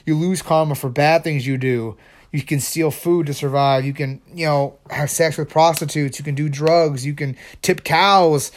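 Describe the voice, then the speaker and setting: A man hosting his own podcast, chatting casually and excitably, rambling with frequent restarts. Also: a little high, moderate pace. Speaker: podcast host. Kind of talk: casual solo podcast chat.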